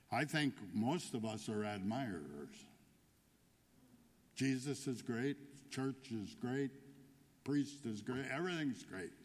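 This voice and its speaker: A man preaching a homily as a deacon, telling a joke story in an unhurried way before turning to the point of the sermon. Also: lowish voice. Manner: storytelling, unhurried, builds to punchlines. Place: church. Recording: long church reverb.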